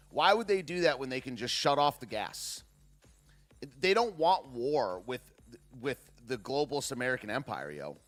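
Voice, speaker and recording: A man's voice: a little high, a bit bright. Heated, argumentative male podcast host. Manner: heated, argumentative, rambling with many restarts. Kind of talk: combative political commentary, reacting to chat.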